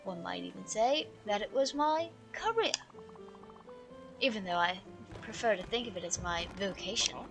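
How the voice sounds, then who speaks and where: A woman's voice: medium pitch, animated, moderate pace, vocal fry, faint music behind. A woman voicing a pompous, aging male art curator in a put-on British accent, reading game dialogue aloud with grandiose, theatrical phrasing.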